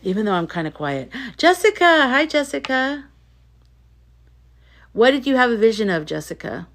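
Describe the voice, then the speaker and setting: A woman's creaky, sing-song voice at medium pitch carries her casual livestream at a moderate pace. She chats, reads audience comments emphatically, and repeats herself a lot.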